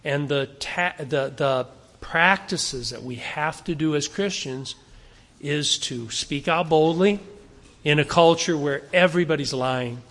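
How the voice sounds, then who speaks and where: A man's voice: fairly high pitch, measured pace, fairly bright tone. Preaching man in a reverberant church. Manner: earnest, exhorting, rhetorical questions. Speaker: pastor. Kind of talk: sermon.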